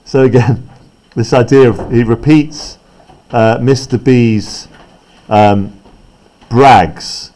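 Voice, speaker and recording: A male teacher walking a class through a play script at a mid pitch. He talks in a loose, conversational way, explaining as he goes and tagging his points with quick checks on the students. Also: steady tone, mellow, slight background noise. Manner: chatty, explaining, often checks in with "right?". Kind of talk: classroom text analysis.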